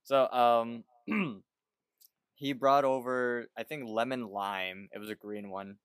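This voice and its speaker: A man's voice: mid-range voice, steady tone, takes it slowly, clear, resonant tone, no echo. A man co-hosting a podcast, chatting casually and swearing freely. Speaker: podcast co-host. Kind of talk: casual chat.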